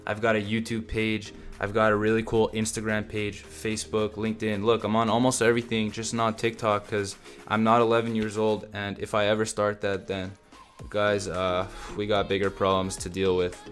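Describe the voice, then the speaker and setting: A man's voice: fairly low pitch, monotone, moderate pace, soft background music. A man hosting a solo motivational podcast, talking bluntly and casually to his listeners and swearing freely. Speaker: podcast host.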